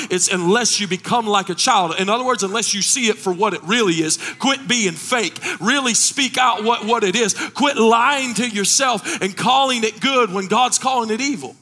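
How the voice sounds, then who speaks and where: A middle-aged man preaching a sermon as pastor, impassioned, rising into shouted, sung cadences. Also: high-pitched.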